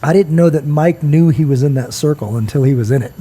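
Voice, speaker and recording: A middle-aged man with a fairly high, mellow, husky voice talks quickly as he hosts a podcast. He tells a long story in a rambling, earnest way, acting out what people said, in casual storytelling chat. Faint background noise sits under the recording.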